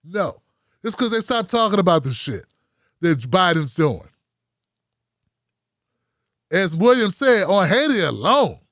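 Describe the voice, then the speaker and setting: High-voiced animated male call-in host. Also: slow, long pauses, no echo, clean studio sound. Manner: animated, profane, jokey impressions. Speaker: host taking calls. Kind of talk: live call-in show rant.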